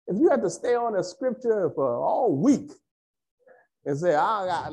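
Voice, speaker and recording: Male pastor, high voice, animated swings; AAVE; emphatic, repetitive sermon delivery. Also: takes it slowly, long pauses, slightly rough.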